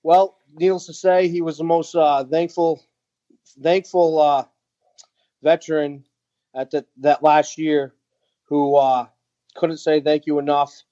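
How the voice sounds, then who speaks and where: A man, a veteran, telling a personal story as an interview guest, earnest and halting, with frequent pauses and restarts. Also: fairly high pitch, level tone, warm tone, dull audio. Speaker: guest, veteran who runs an outdoor organization for veterans.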